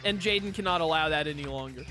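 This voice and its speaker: Youtuber casually narrating his card game, quick guesses, jokey self-digs, game music going behind him. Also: mid-range voice. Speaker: gaming YouTuber. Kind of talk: casual let's-play commentary.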